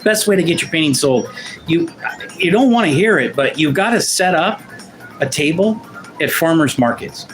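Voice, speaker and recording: A man's voice: a little high, animated, moderate pace, faint music behind, low-quality recording. A man from Portland hosting a livestream, chatting casually with viewers in a rambling, self-deprecating way, often restarting his sentences. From Portland, Oregon, USA. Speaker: livestream host and artist.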